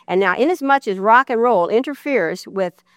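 Smooth-voiced woman making a firm point. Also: on the high side, lively intonation, moderate pace, fairly bright tone, no echo, studio quality. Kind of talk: public debate comment.

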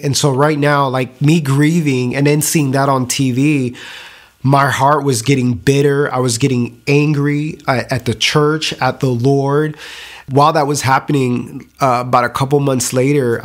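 Man, young adult, personal testimony, earnest, emotional, frequent restarts. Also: medium pitch. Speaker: testimony speaker.

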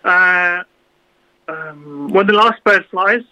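A woman's voice: lowish voice, slow pace. A woman, a busking musician, speaking hesitantly with many fillers in a radio interview. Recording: dull lo-fi sound with faint music.

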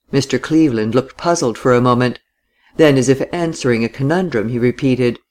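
A man narrates a novel in an even, measured voice at a middling pitch. His delivery is steady and plain, suited to an audiobook.

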